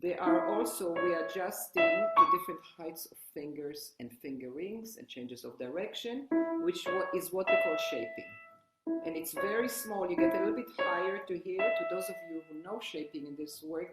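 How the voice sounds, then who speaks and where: Woman teaching at a piano. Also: lowish voice. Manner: explains while playing, halting restarts. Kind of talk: instructional demonstration at the piano. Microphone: online workshop, single room mic. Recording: roomy sound with loud piano playing. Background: piano playing.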